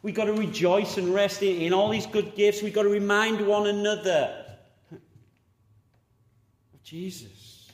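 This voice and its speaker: A man preaching a sermon, exhorting and animated, rising loud and dropping quiet. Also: high-pitched, takes it slowly, long pauses, echoey room, in a large hall.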